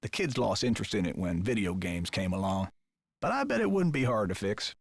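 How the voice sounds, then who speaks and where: A kindly older theater projectionist spins homespun yarns in a game. His voice is husky and dry, and his pitch rises and falls with lively expression. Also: a little fast, no echo, exaggerated voice. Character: kindly old male movie theater projectionist.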